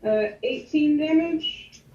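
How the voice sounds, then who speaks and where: Mellow-voiced woman player, roomy sound. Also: high voice, slow. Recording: dull, roomy, faint noise.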